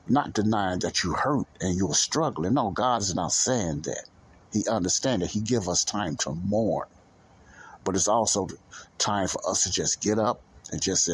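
A man hosting a Christian podcast preaches in a casual, rambling way, repeating himself often and losing his thread. His deep voice is animated with a breathy edge, at a normal speed.

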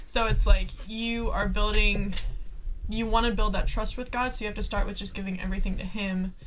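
A woman guest on a casual podcast, speaking softly and thoughtfully. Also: medium pitch, fairly even intonation, brisk, a little hiss or hum, poor audio. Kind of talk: casual chat.

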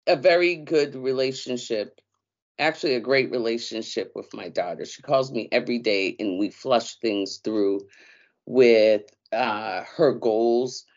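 A woman chats casually on a podcast. She tells her story with slang, animated swings and plenty of fillers. The sound is a bit dull and lo-fi. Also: a bass voice. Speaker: co-host.

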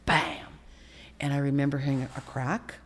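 Interview guest: woman in her sixties, very low gravelly voice, blunt, profane storyteller. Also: animated, moderate pace, dark tone, a little hiss or hum. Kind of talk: candid storytelling in a podcast interview.

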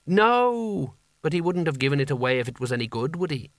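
A pompous, flowery-speaking ruler, prim and fussy, his voice pitched up and a little thin, as a male reader puts him on. Every remark comes wrapped in ornate, over-polite compliments. The audiobook recording is dry and close. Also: sing-song, brisk, dry recording.

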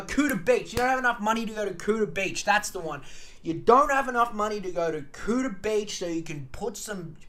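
A man's voice: sits high, fairly bright tone. An Australian man hosting a podcast, ranting angrily and sarcastically with heavy profanity. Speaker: podcast host. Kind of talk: ranting monologue.

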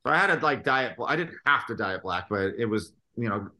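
Animated man telling band stories. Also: medium pitch, quick pace. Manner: animated storytelling, full of fillers. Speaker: guest musician. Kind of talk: casual podcast interview.

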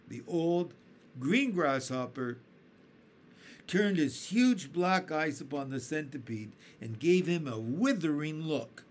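Slow expressive man reading a storybook. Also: fairly high pitch, slight background noise. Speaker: reader. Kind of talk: children's storybook narration.

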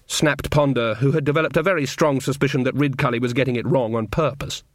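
A man narrating a comic fantasy audiobook with expressive, playful storytelling. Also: mid-range voice, quick pace, few pauses, no echo, studio quality. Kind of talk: scripted narration.

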